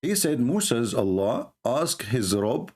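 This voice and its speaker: Sarcastic man with a lively voice. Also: mid-range voice, slow. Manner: mocking, scornful, rhetorical questions. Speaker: religious debater. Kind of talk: sarcastic monologue.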